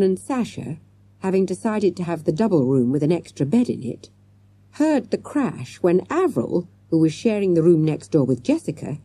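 A woman narrating a children's storybook in a measured, expressive reading. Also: on the low side, slightly rough. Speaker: audiobook narrator.

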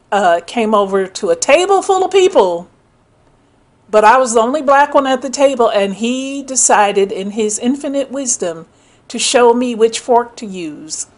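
A middle-aged woman talking casually into the camera, telling stories and acting out the people in them. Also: mid-range voice. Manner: storytelling, animated, quotes others in voices. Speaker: commentator. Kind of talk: casual spoken commentary.

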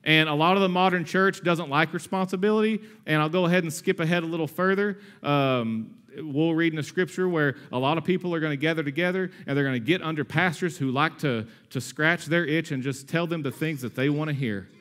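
A man in his thirties preaching a sermon in a conversational, energetic way, with asides and humor. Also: a little high, a little fast, hardly any pauses. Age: 30s. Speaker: pastor.

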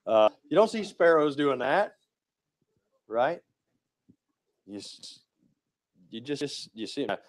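A man's voice: mid-range voice, sing-song, slow pace, pauses often, no room sound, poor audio. A male pastor giving a casual, conversational sermon, with many restarts and a habit of asking "right?".

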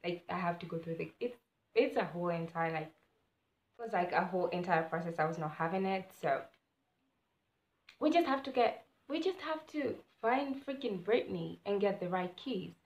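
Animated young woman, roomy echo. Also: fairly quick, dull audio. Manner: animated, swings between loud exclamations and low mutters. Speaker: vlogger. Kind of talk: casual storytime narration. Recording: echoey room.

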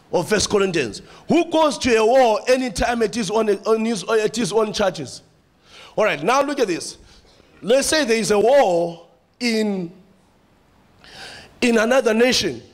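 A man preaching a sermon in church with a South African accent, animated, repeating phrases and calling out to the congregation. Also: high-pitched.

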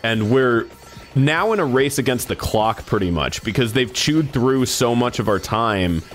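A man's voice: medium pitch, lively intonation, measured pace, faint music behind. Swearing man telling a story. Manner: swears a lot, acts out the people he quotes. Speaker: streamer. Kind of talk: casual stream chat, telling a story.

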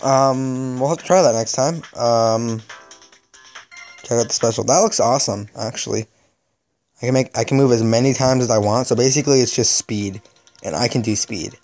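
A man's voice: medium pitch, moderate pace, a little mellow, soft background music. Sarcastic young man grumbling over a game. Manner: exasperated, sarcastic. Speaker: gaming video host. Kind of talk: casual gameplay commentary.

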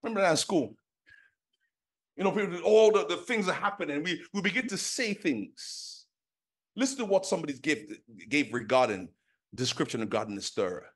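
Middle-aged male preacher from London, a touch high, animated storyteller who voices the people in his story. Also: normal speed. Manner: animated storytelling, acts out dialogue, many fillers. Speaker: pastor. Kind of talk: sermon with personal story.

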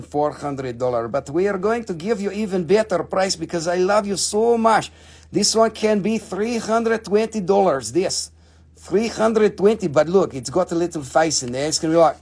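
A man with a raised, gravelly, husky voice hosts a live sales stream. He jokes crudely and playfully between prices and slips into silly bits. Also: a little high, a little mellow. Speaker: host selling crystals on a live stream. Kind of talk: joking live sales pitch.

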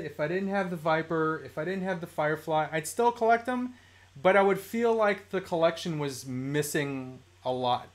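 A man hosting a casual livestream, ranting with frustration and reading viewer comments aloud. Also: a little high. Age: adult, works a day job. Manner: animated, ranting, reads chat comments aloud. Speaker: toy collecting livestream host.

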